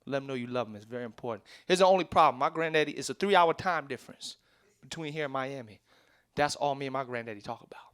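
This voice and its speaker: A young man doing a stand-up comedy set on a club stage, telling stories in with quick asides to the crowd. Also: medium pitch, a bit bright, clean tone. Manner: loose, streetwise storytelling with quick asides to the crowd.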